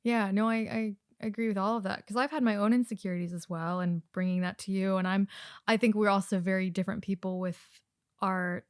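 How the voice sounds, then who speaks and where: A woman from the States co-hosting a podcast in casual chat, emotional and quick to laugh, with many fillers. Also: mid-range voice, fairly even intonation, clear, resonant tone, no room sound, studio quality. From United States. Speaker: podcast co-host.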